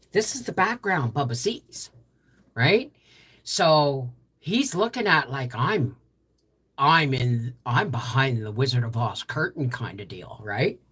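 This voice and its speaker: An older woman with a low, husky voice chats on a live stream from her home office. She rambles through a family story and restarts her sentences often. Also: a bit bright. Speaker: homestead channel host. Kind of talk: casual live-stream chat.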